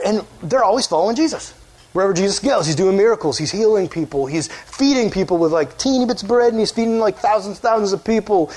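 A man preaching a casual sermon in an animated, conversational way, quizzing his listeners as he goes. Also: high voice.

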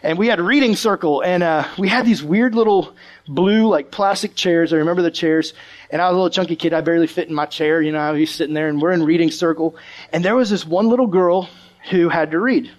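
Male preacher, high-pitched, animated sermon storyteller who acts out the voices. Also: brisk. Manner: animated, acts out the voices of the people in his stories. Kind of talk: storytelling sermon to a live audience.

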